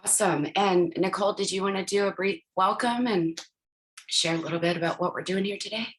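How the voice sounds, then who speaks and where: A woman's voice: medium pitch, steady tone, brisk, a little hiss or hum. A woman moderating a panel on a video call, upbeat and friendly as she introduces each guest.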